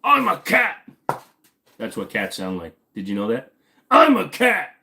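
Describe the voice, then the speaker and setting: A man's voice: huge pitch swings, a little slow, gravelly, sharp tone, full character voice. A man putting on the voice of a silly, shrieking cat. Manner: squealing and shrill.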